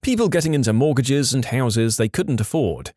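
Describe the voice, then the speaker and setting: A man narrating online stories for a podcast, with a lively, playful delivery and voiced quotes. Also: mid-range voice, moderate pace, no room sound, clean studio sound. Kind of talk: reading online stories aloud.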